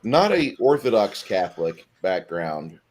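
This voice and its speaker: A man in casual chat, talking enthusiastically with halting pauses. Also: low-pitched, very animated, darkish tone, slight background noise.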